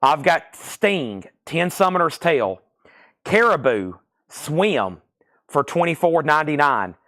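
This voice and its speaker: A man hosting a live record sale stream, briskly calling out titles, prices and buyers. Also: on the high side, very animated, a bit bright, no room sound, clean studio sound.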